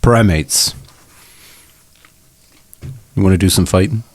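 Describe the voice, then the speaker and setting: A man voicing a tough male adventurer who makes blunt, deadpan threats. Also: low voice, slow, no room sound. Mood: menacing.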